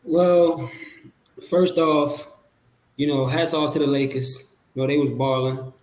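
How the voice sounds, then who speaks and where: A man as a podcast guest, talking basketball in a relaxed, rambling way with many fillers and restarts. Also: on the high side, slow pace. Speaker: podcast guest, Sixers fan. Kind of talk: casual sports talk. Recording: echoey room.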